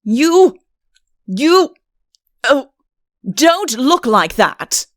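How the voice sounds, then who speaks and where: A woman's voice: high voice, sing-song, extremely slow, dry recording, clean studio sound, voice pushed up, exaggerated voice. A woman voicing a young prince in an audiobook, who tries to sound stern and blustering but stammers when flustered. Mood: angry. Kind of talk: audiobook character voice.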